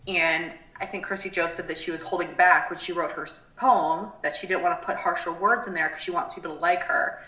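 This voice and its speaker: A woman's voice: on the low side, fairly even intonation, a little fast, sharp tone, roomy sound, poor audio. A woman co-hosting a casual recap podcast, blunt and laughing often, swearing freely. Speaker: podcast co-host.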